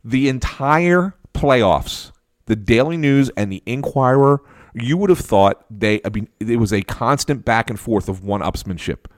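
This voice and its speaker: A man who covers hockey, telling a casual story with animated delivery, frequent restarts and laughs. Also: mid-range voice, unhurried, dry recording, clean studio sound. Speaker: hockey reporter guest.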